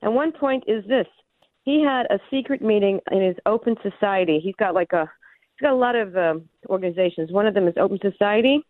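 A woman's voice: medium pitch, brisk, no echo. Breathless woman caller on a phone line. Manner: rambling, emphatic.

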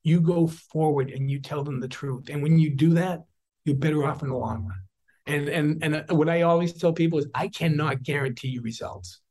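A man's voice: on the high side, fairly even intonation, normal speed, mellow, low-quality recording. Older male prosecutor, earnest interviewee, restarts often mid-sentence. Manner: earnest, storytelling with frequent restarts. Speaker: district attorney. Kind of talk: interview talk.

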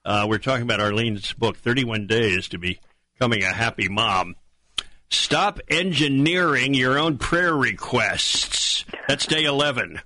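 A man hosting a radio interview, briskly and amiably reading out each topic. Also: mid-range voice, lively intonation, sharp tone, no echo. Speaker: radio host.

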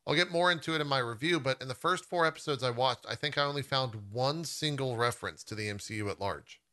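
Bright-toned man reading podcast reviews. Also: mid-range voice, fast talker. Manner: easygoing, laughs often. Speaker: podcast co-host. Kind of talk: casual podcast chat, reading reviews aloud.

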